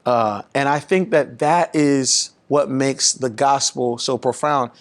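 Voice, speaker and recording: A pastor talking in an animated, preaching-style way, rising in pitch and volume to drive his points home. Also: takes it slowly. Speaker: pastor and guest speaker.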